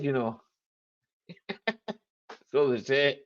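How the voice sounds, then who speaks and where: A man's voice: mid-range voice, lively intonation, very slow, pauses often, highs cut off. A man hosting a casual live chat stream, joking and laughing a lot as he answers viewers. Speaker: livestream host.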